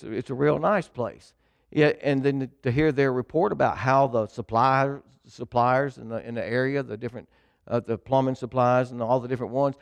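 A middle-aged preacher, a man chatting through a personal testimony in an easygoing, folksy way. His voice sits at an ordinary pitch for a man and sounds dry and close, with no room around it. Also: creaky, a little mellow, dry recording. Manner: folksy storytelling, addresses congregation. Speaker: pastor. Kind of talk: sermon testimony.

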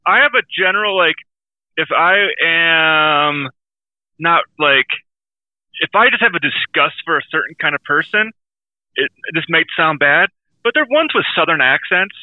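A man's voice: fairly high pitch, lively intonation, unhurried, no room sound. A man co-hosting a podcast, chatting casually in a blunt, rambling way, often apologizing for what he says. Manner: blunt, rambling, self-deprecating. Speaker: podcast co-host. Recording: tinny phone-like sound.

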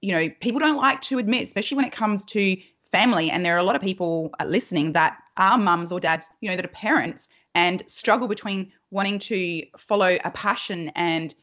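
Fast-talking woman podcast host. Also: mid-range voice, a bit bright, highs cut off. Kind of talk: podcast interview.

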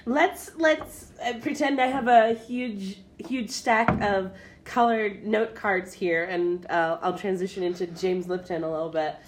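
A woman's voice: medium pitch, fairly even intonation, measured pace, slight background noise. A woman hosting a podcast interview, chatty and playful, laughing often between questions. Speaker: podcast host. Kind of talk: casual interview chat.

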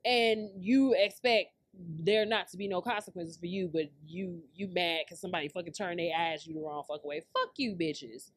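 A woman's voice: on the low side, moderate pace, no room sound. Blunt, profane woman ranting hotly. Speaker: podcast host. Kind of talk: casual pop-culture commentary.

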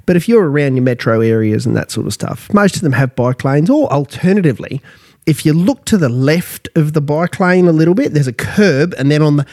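A man's voice: on the high side, animated, fairly quick, darkish tone. A middle-aged Australian man co-hosting a casual podcast, swearing freely and ranting in a blokey way. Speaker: podcast co-host. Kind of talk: casual pub banter.

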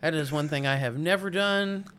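A man in his forties from Arkansas, chatting casually as a podcast guest. His voice sits a bit higher than most men's. He rambles in a loose, profane way and often restarts his sentences. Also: moderate pace, fairly bright tone. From Arkansas, USA. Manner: loose and chatty, swears, stumbles over restarts. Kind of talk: casual chat.

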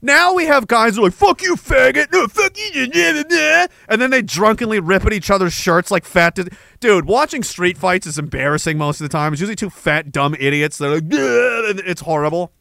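A man's voice: high voice, fast talker, hardly any pauses, sharp tone, dry recording. A man hosting a podcast, ranting crudely and sarcastically and reading out chat comments. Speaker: podcast host. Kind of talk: casual livestream rant.

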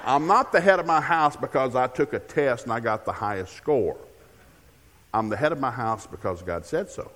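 A man's voice: mid-range voice, expressive, normal speed, a bit bright, big-room sound. An older man preaching as a guest speaker in a church, telling humorous family stories and acting out the dialogue. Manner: humorous storytelling with acted-out dialogue. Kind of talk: sermon. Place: church sanctuary.

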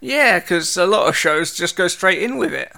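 A man's voice: high voice, animated, normal speed, vocal fry, bright, forceful tone. A man co-hosting a casual podcast, joking and teasing his partner. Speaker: podcast co-host.

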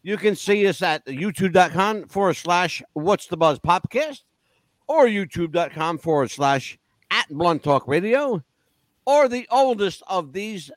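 A man hosting a podcast rattles off plugs jokingly, slipping in crude asides during casual chat. His voice sits high, and the recording has no room sound.

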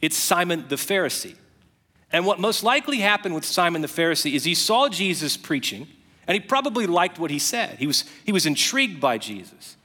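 A man preaching a sermon as pastor, telling stories with animated, emphatic rising phrases. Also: high-pitched, fairly quick, slightly rough. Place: church auditorium. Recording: long reverb of a large hall.

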